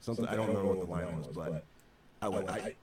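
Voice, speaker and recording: A man's voice: low voice, fast, a little mellow. A man, a guest in an interview, telling an anecdote in a wry, exasperated way. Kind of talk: storytelling anecdote. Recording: echoey distant replay from a stream.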